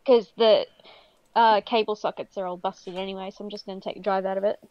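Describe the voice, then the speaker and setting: A woman's voice: medium pitch, steady tone, fast talker, darkish tone, clear, resonant tone, no room sound. A woman co-hosting a stream, chatting casually and giggling often, on slightly dull lo-fi audio. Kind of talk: casual chat.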